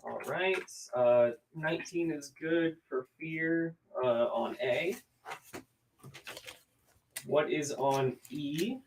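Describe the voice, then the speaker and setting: A man's voice: on the high side, extremely slow. A man co-hosting a live sale who takes claims, asking brief questions in casual chat. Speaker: co-host taking claims. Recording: roomy, far from the mic, faint noise.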